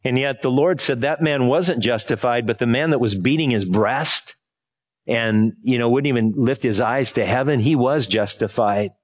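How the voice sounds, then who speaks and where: A man's voice: medium pitch, normal speed. A man from Hawaii giving an informal sermon, telling a personal story in a rambling, conversational way and asking the congregation to help him find words. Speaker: pastor.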